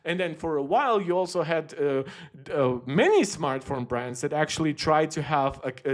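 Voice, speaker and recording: Guy rambling on his tech stream, kinda high voice, lots of restarts. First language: German. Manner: chatty, rambling, frequent restarts. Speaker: tech channel host. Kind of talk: casual livestream commentary.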